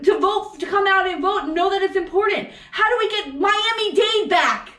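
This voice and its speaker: A woman co-host vents in an angry, profane political rant, firing off question after question. Her voice sits very high. The room around her rings with echo. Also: moderate pace, bright, forceful tone. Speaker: podcast co-host. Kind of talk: heated political chat. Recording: echoey room.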